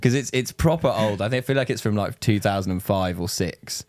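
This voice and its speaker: A Northern English man makes dry, wry, wordy asides on a comedy chat podcast. His voice sits fairly low, and the recording is close and dry. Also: brisk, a little mellow, dry recording. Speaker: podcast co-host.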